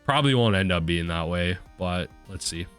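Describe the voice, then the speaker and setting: A man casually commenting on his own card game as he plays, thinking aloud with sudden excited bursts. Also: low-pitched, moderate pace, smooth, faint music behind.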